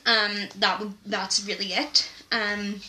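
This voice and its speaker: A woman's voice: medium pitch, slow, a little hiss or hum, low-quality recording. A woman, co-hosting a podcast in casual chat and telling stories with lots of fillers. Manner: chatty, animated storytelling with many fillers. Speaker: podcast co-host.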